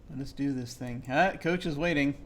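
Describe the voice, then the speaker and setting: A man's voice: mid-range voice, moderate pace, fairly bright tone, slight background noise. A man giving casual, chatty gameplay commentary who laughs often and talks to himself. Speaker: game streamer.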